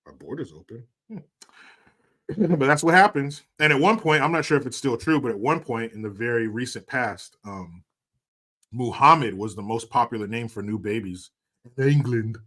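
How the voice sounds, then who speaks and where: A man's voice: mid-range voice, normal speed, fairly bright tone. A man in his forties hosting a live stream, casually chatting and reading out viewer comments in a jokey, profane way, laughing often. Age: 40s.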